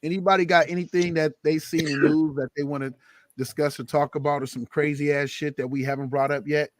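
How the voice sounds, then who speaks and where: A man's voice: on the high side, flat delivery, fast. A man hosting a podcast in casual chat, steering the topics and asking the others questions. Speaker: podcast host.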